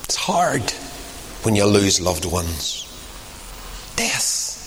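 Man, preacher, lively pitch, loud-to-whispered delivery, faint background noise. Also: very slow. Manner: dramatic swings from loud emphasis to hushed whispers. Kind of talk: sermon.

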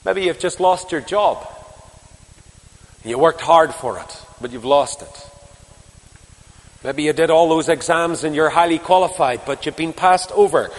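A Northern Irish man delivers an impassioned sermon in a fairly high voice. He climbs to loud emphasis, then drops to quiet asides. A long hall reverb trails every phrase. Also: a little slow, long pauses. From Northern Ireland. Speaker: preacher.

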